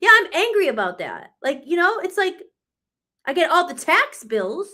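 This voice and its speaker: A woman's voice: very high voice, very animated, moderate pace, bright, forceful tone. A woman co-hosting a live talk radio show, speaking with emphatic, sarcastic, profane frustration. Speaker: radio co-host. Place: radio studio.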